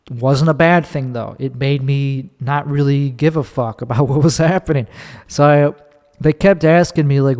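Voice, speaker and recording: A man's voice: mid-range voice, darkish tone. A man in his thirties from Chicago, a stand-up comedian hosting his own podcast, telling a story in a rambling, candid way with restarts and swearing. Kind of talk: casual solo storytelling. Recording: long hall reverb.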